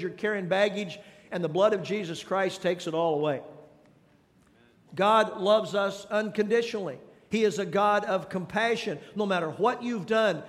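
A high-voiced male pastor delivers an emphatic sermon, urging his congregation on with questions and repeated phrases. A long reverb from the large hall trails his voice.

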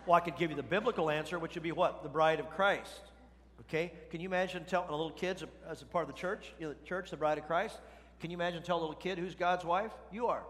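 Middle-aged pastor preaching in a reverberant hall. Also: male voice, on the high side, steady tone, racing, a bit bright, a little hiss or hum. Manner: conversational preaching with rhetorical questions. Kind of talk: sermon.

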